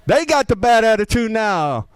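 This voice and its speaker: A man preaching a lively, conversational sermon as pastor, asking the congregation questions. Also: high-pitched, normal speed, clean tone, no room sound, low-quality recording.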